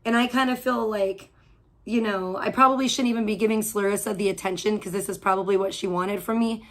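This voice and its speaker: A woman's voice: medium pitch, steady tone, a little fast. A woman hosting an audio-only livestream from home, ranting in a heated, profane, rambling way with lots of restarts. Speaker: livestream host.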